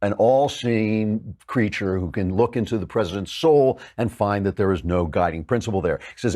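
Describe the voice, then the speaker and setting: A man's voice: fairly low pitch, a little fast, few pauses. A man hosting a political talk show, delivering sarcastic, mocking commentary. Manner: sardonic, mocking, lively.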